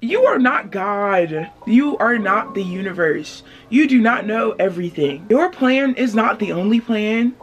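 A woman's voice: medium pitch, animated, measured pace, hardly any pauses, dull audio, faint music behind. A woman vlogging from her bed, giving encouraging self-care advice to the camera and calling viewers babe. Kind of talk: casual advice talk to camera.

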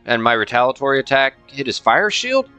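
Bright, swearing gamer guy, tipsy. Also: medium pitch, brisk, faint music behind. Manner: profane, excitable outbursts. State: a little tipsy. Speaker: let's-play host. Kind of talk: casual gameplay commentary.

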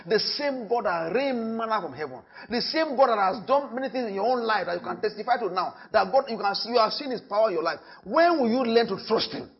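A man with a Nigerian accent preaching a sermon in church. He talks with emphasis, repeats his phrases and swings from loud to hushed. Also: high voice, lo-fi sound. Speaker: pastor.

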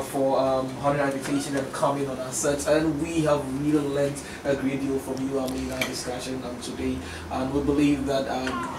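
Male TV host, affirming, mid pitch, echoey room, far from mic, steady hiss. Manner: warm, affirming interjections. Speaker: TV show host. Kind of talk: interview. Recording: roomy audio from a distant mic with clear hiss.

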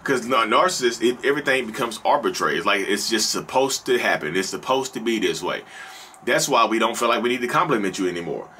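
A man's voice: fairly low pitch, lively intonation, quick pace, bright, forceful tone, slight background noise. A man with a Southern North Carolina accent giving an earnest, conversational to-camera talk, repeating himself and speaking straight to his listeners. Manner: earnest, repetitive, conversational, addresses listeners directly. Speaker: vlogger discussing narcissism. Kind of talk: casual to-camera monologue.

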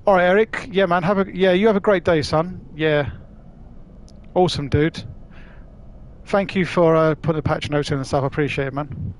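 A man's voice: fairly high pitch, fairly even intonation, moderate pace. A man chatting casually to his live-stream audience as he plays, rambling, swearing and using slang. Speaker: gaming streamer.

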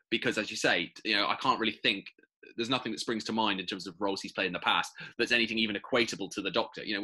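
A man's voice: on the low side, husky. A man co-hosting a podcast, talking things through casually and animatedly. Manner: quick, bright and animated, musing aloud. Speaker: podcast co-host. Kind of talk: casual chat.

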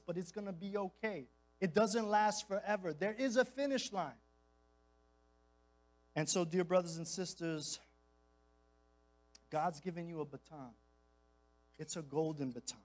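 In a rough recording, a man with a high-sitting voice delivers a sermon as a church's guest speaker. He swings between fervent and conversational, dropping in casual slang and repeating phrases.

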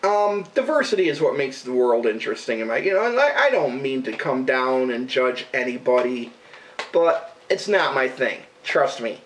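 A man's voice: mid-range voice, sing-song, moderate pace, distant mic, slight background noise, rough recording. A man ranting casually, rambling and swearing, with an exasperated, disbelieving manner. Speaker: radio show regular and vlogger. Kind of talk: casual profane rant to camera.

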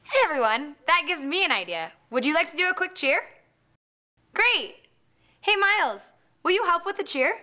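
Peppy cheerleader girl talking to students, high bright voice. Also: big pitch swings, moderate pace, long pauses. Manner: peppy, shouts cheer replies. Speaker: cheerleader presenter. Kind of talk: school presentation.

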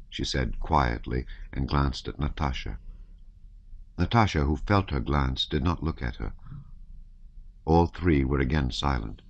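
A man narrating a classic novel as an audiobook in a measured, even reading. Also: a bass voice, dry recording. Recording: slightly dull, dry recording.

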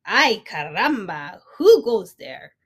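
A woman's voice: fairly high pitch, sing-song, a little slow, fairly bright tone, breathy edge, heavily acted. A woman voicing a small, boastful male chihuahua sword fighter in a storybook read-aloud, with dramatic, playful exclamations. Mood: excited.

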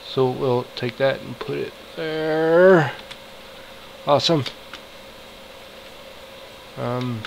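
A man giving casual commentary while playing a game, talking to himself, swinging between frustrated outbursts and excited shouts. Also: mid-range voice, vocal fry, a little hiss or hum, low-quality recording. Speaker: gamer.

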